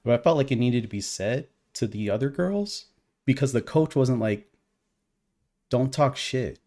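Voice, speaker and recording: Swearing heavily and getting fired up, a man with a middle-register voice spins a story at a moderate pace. He riffs animatedly like a podcast co-host talking with a friend, casual but heated.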